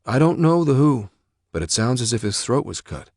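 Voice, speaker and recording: A man's voice: medium pitch, sing-song, normal speed, a little mellow, dry recording, clean studio sound, pitched above the performer's own voice. A man voicing an anxious, protective father who pleads and defends himself. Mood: defensive.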